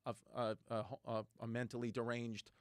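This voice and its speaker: A man's voice: medium pitch, moderate pace, smooth, no room sound, clean studio sound. A man, telling stories in a casual chat and acting out the people in them. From New York. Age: 30s. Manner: animated storyteller, acts out quoted voices, swears freely.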